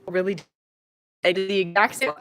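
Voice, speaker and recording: An adult woman who reads fanfiction aloud, chatting casually from home in a live-stream Q&A. She rambles and jumps into sudden bursts of excitement. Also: mid-range voice, normal speed. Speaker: fanfiction audiobook narrator and streamer.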